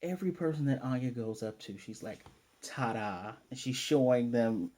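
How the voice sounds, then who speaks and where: Mellow American male host, loose rambling anime recap full of fillers. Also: mid-range voice, animated, fairly quick. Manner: rambling, many fillers and self-corrections. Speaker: anime reviewer. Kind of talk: casual episode review.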